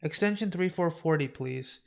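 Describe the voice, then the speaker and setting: A man's voice: fairly high pitch, creaky. A man reading a comic book aloud live, voicing a sad, lonely shapeshifting woman who stammers and hesitates as she talks of wanting to die. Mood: despairing. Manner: halting, stammering, despairing.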